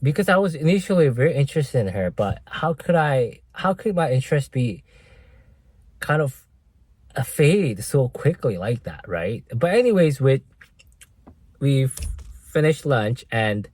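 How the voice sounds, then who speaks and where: A young man tells a personal story at an unhurried pace, his pitch rising and falling a lot. He hesitates often, leaning on fillers and tag questions, in a dry, close recording. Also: very animated, darkish tone, breathy edge, no room sound. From Korea. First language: Korean. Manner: hesitant, full of fillers and "right?" tags. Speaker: vlogger. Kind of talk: casual storytelling vlog.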